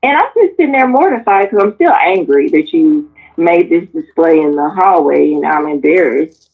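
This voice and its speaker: A woman in her forties, frank and animated, telling personal stories on a talk panel and swearing freely as she acts out the people in them. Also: deep voice, moderate pace. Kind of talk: candid personal storytelling. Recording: tinny phone-like sound.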